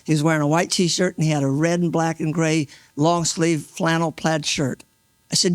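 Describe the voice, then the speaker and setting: A man in his sixties tells his story at an awards event, earnest and halting, often restarting his sentences. His voice sits a little high for a man. The sound is dry and close on a stage microphone. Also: flat delivery, no echo. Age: 60s. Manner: earnest, halting, with many restarts and re-enacted quotes. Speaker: mail carrier honored at an awards event. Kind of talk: emotional first-person storytelling.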